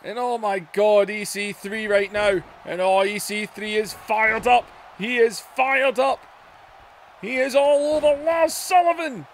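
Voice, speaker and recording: A man giving play-by-play wrestling commentary over a video game, excitable, dropping to low muttering and then shouting at the big moves. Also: measured pace, a little hiss or hum. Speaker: gaming YouTuber.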